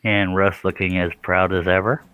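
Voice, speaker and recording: A man's voice: deep voice, little pitch movement, moderate pace, bright, forceful tone, clear, resonant tone, dry recording. A man hosting a casual woodworking live stream, joking and bantering in a folksy way.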